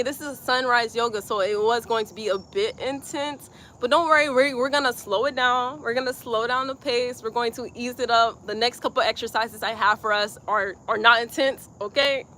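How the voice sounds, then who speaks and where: A young woman from Georgia, leading a live-streamed yoga class with soft, slow breathing cues and chatty asides. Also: a little high, slight background noise. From Georgia, USA. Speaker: yoga instructor.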